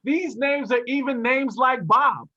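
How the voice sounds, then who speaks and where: Middle-aged man, high and bright voice, storytelling presenter, dull lo-fi call audio. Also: unhurried. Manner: storytelling, acts out quoted voices. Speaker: workshop presenter. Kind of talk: casual talk on online workshop.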